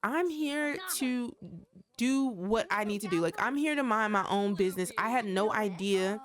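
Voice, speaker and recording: A woman's voice: mid-range voice, lively intonation, normal speed, natural voice. A woman voicing a cool, defensive young woman who brushes off accusations in a life-sim game. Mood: dismissive. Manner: dismissive, brushing things off.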